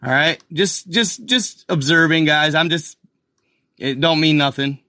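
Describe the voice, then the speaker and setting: A man hosting a casual video, excitedly talking viewers through an old map and repeating himself as he points things out. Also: on the high side, unhurried, no room sound, studio quality. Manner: excited, repetitive, addresses viewers as guys and y'all. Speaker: video host. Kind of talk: casual commentary over a map.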